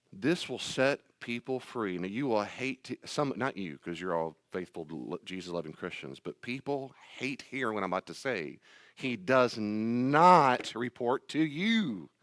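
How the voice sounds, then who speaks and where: A man's voice: medium pitch, a bit bright, dry recording. Pastor guy teaching, emphatic, bouncy up-and-down voice, lots of rhetorical questions, dry close sound. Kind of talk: sermon-style teaching talk.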